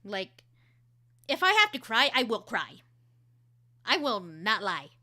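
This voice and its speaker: A woman's voice: a little high, sing-song, slow, pushed and bright. A woman voice actor streaming, chatting casually and explaining how she works, with lots of fillers.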